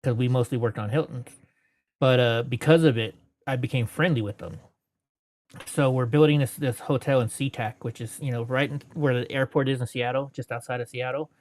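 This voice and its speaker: A man's voice: medium pitch, fairly even intonation, a little fast, darkish tone. A man in his forties telling long stories as an interview guest, rambling and correcting himself as he goes. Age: 40s. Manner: rambling, self-correcting, laughs between anecdotes; puts on voices when quoting people. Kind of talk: storytelling in casual interview.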